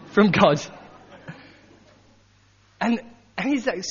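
A man preaching a sermon in a conversational, animated way, acting out the quotes he tells. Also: high-pitched, normal speed. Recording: dull sound with long hall reverb.

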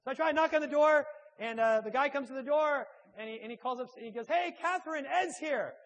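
A man, a church speaker and author, telling a humorous personal anecdote in a halting, self-deprecating way. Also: extremely high pitch, fairly bright tone.

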